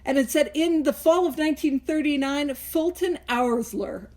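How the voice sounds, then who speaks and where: Chatty woman, higher voice. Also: normal speed, a little mellow. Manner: chatty, joking asides, playful exclamations. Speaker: podcast host leading a book study. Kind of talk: casual chat reading and commenting on a text.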